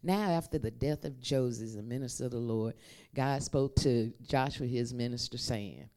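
A woman's voice: extremely low pitch, normal speed, dark tone. A woman preaching a conversational sermon and calling on the congregation to repeat her words. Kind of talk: sermon with call and response.

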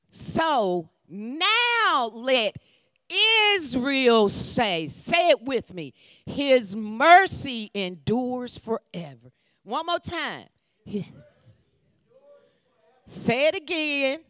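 A woman preacher, leading a sermon with call and response and swinging from loud calls to hushed whispers. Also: fairly high pitch, no room sound, studio quality.

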